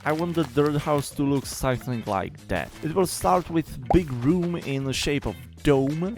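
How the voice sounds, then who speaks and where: A man's voice: medium pitch, darkish tone. A man casually narrating his gameplay as a video game channel host, chatty and lightly self-mocking, with non-native English phrasing. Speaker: Minecraft YouTuber.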